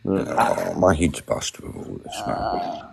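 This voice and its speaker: A man's voice: low-pitched, very animated, slow, creaky. A man in a casual livestream chat, exasperated and swearing often.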